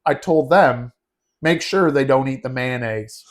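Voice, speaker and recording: A man telling a wild story on a podcast, animated and laughing, calling his cohost "dude" and "bro". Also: medium pitch, measured pace. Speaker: podcast host. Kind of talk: casual storytelling chat.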